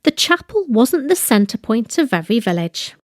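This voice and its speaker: Woman, language lesson, lively up-and-down pitch, careful delivery. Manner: clear, deliberate model phrases with translations. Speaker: language teacher. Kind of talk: slow bilingual grammar lesson.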